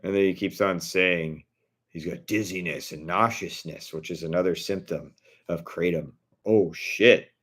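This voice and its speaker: A man with a very deep voice rants casually to his viewers. He speaks bluntly and indignantly, swearing freely. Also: measured pace, a bit bright. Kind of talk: casual vlog rant.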